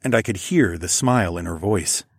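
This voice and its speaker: A man reading a first-person story in a low, slightly husky voice, calm and measured. The recording is close and dry, with no room sound. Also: no room sound. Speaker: narrator.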